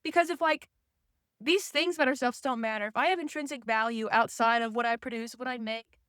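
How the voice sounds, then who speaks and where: High-voiced woman ranting candidly. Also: a little fast, fairly bright tone, clear, resonant tone, no echo, clean studio sound. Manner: candid, ranting, swings into mocking quoted voices; says "like" often. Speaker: vlogger. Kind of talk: casual chat.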